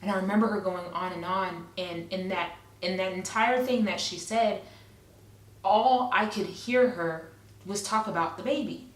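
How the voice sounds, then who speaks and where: A woman's voice: mid-range voice, moderate pace. A woman in her thirties telling a personal story in a casual, conversational way, full of fillers and repeated phrases. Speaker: vlogger. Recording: echoey room, a bit far from the mic.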